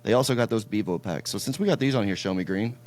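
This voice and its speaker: A man's voice: lowish voice, fast, a little mellow. A man hosting a casual podcast, chatting and telling stories in a laid-back way, swearing now and then. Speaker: podcast host. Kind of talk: casual chat.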